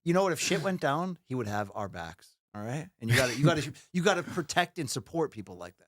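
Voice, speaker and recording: A man's voice: medium pitch, sing-song, fast talker, no room sound. A man in his forties co-hosting a studio show, teasing and ribbing with playful banter. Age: 40s. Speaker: co-host. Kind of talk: casual chat.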